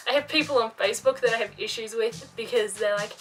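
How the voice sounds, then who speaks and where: High-voiced young woman ranting, swearing. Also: quick pace, few pauses, distant mic, faint music behind, poor audio. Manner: animated and profane, ranting with mocking asides. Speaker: vlogger. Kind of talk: casual ranting vlog. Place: home room by a bookcase.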